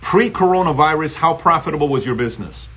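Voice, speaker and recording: Man, Iranian accent, husky voice, emphatic motivational host, slightly raised pitch. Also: quick pace. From Iran. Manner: emphatic, repetitive, animated. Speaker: host taking live callers. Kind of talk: motivational live stream talk.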